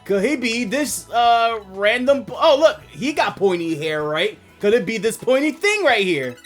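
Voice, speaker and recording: A man's voice: high-pitched, sing-song, unhurried, faint music behind. Rambling, profane male game streamer. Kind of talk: casual let's-play chat.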